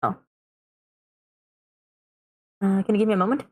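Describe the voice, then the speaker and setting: A woman's voice: mid-range voice, moderate pace, a little mellow. A woman playing a tabletop game over a voice call mic, blunt and quizzical, swearing often. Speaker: player.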